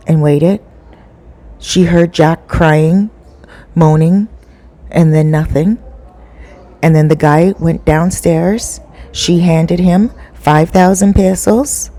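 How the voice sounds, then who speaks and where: A woman's voice: low-pitched, mellow. A middle-aged woman vlogger retelling a story in a casual, conversational way with dramatic flair.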